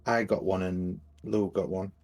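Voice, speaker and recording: Low gravelly husky player. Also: male voice, level tone, unhurried, a little mellow. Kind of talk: casual tabletop game chat.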